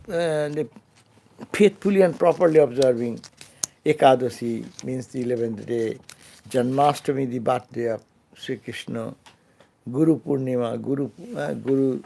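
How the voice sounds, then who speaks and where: Gravelly, mellow-voiced swami teaching slowly. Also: male voice, mid-range voice. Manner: slow, halting delivery with many restarts and fillers, trailing off softly at phrase ends. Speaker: swami giving a scripture class. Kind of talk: unscripted spiritual lecture. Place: temple lecture hall.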